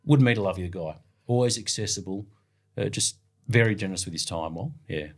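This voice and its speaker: A middle-aged Australian man with a husky, slightly low voice tells stories in a relaxed, chatty way. He is lively and spins yarns easily. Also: fairly quick. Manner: lively yarn-spinning, plays out the voices of others. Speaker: radio sports broadcaster, guest. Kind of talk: casual anecdotal storytelling.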